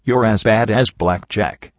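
A man's voice: fairly low pitch, a little slow, no echo, muffled recording, lightly acted. A man reading the lines of a bitter, angry young stallion in an audiobook, sarcastic and harsh.

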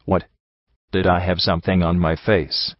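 A man's voice: sits low, little pitch movement, moderate pace, no room sound, voice pushed down. Man reading as a flustered pony stallion. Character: male pony companion, flustered. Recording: dull lo-fi dry recording.

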